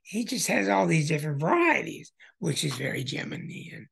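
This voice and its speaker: A man hosting an astrology show who walks through birth charts in an emphatic way, with bursts of excitement. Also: fairly high pitch, moderate pace, gravelly, breathy edge.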